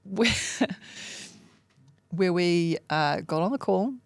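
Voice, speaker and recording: A woman talks openly about herself in a podcast coaching chat, blunt and self-mocking, with casual swearing and frequent laughter. Her voice sits a little low and has a gravelly fry. The sound is close and dry. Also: slow, no room sound. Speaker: coaching client, mom and entrepreneur. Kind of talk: candid podcast coaching conversation.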